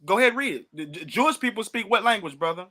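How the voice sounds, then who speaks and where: A man's voice: high voice, lively intonation, quick pace, pushed and bright. A man from St. Louis hosting a heated religious debate, pressing his opponent with repeated questions and mocking laughs. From St. Louis, USA. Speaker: podcast host.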